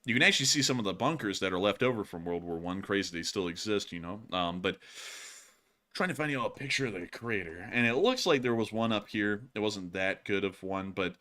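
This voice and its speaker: A man hosting a casual live stream, rambling and animated with frequent fillers. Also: lowish voice, fairly quick. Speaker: host of war news stream.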